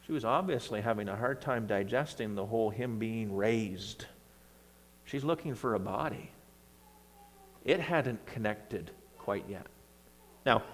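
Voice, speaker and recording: Animated preacher in a reverberant church. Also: male voice, mid-range voice. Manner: conversational, animated reading of scripture with bursts of emphasis. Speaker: pastor. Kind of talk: sermon. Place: church sanctuary.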